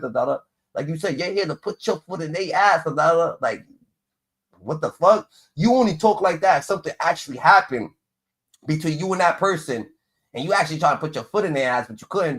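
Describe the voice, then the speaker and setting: Brief: male streamer, a bit high-pitched, profane mocking rant, chant-like filler. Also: fairly bright tone. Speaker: streamer reacting to clips. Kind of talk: ranting reaction commentary.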